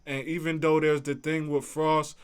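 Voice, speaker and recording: A man's voice: fairly high pitch, level tone, moderate pace, smooth. Laid-back man hosting a livestream. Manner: laid-back, conversational, speaks to chat in slang. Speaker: livestream host reading chat. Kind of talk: casual livestream talk.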